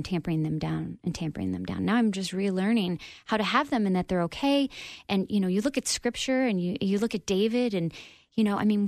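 A woman's voice: medium pitch, darkish tone, no room sound, studio quality. A woman guest on a radio interview, telling her personal story in an earnest, open, reflective way with frequent ums.

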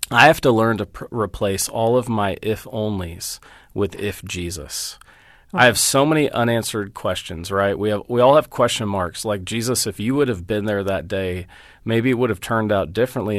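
A middle-aged Bible teacher with a fairly low voice is a guest in an interview, earnestly telling stories as he walks through scripture references. The recording is dry and studio quality.

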